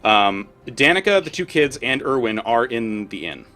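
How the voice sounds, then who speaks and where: A man narrating a tabletop game as game master, casual and halting with many fillers. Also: mid-range voice, expressive, sharp tone, soft background music.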